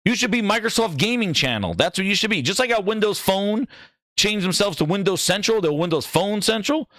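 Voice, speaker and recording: A man with a high, wildly swinging voice rants about gaming in an exasperated, profane tirade. He mocks the people he argues with as he goes. The sound is close and dry. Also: lively intonation, a little fast, fairly bright tone, dry recording. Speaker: gaming channel host. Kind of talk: ranting commentary.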